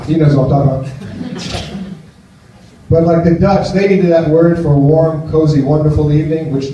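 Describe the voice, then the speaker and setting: A man works through a stand-up set in a cafe, riffing in a loose, chatty way. His voice sounds dark and mellow, and it is caught from some distance. The room gives it a heavy echo, and the recording is slightly muffled. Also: a little high, normal speed, slight background noise. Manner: chatty, riffing on Dutch words with frequent "you know". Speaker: stand-up comedian. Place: cafe stage before a live audience.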